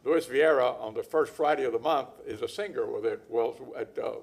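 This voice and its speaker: Gravelly older man, folksy council member. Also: mid-range voice. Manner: folksy, measured, with dry teasing humor. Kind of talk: formal tribute remarks. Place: city council chamber.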